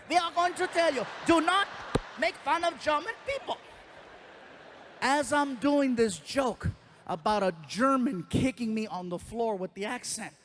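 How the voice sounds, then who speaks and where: A man doing animated stand-up storytelling on a live stage, acting out the people in his story. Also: high-pitched, a little hiss or hum. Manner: animated storyteller who acts out other voices. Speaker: stand-up comedian.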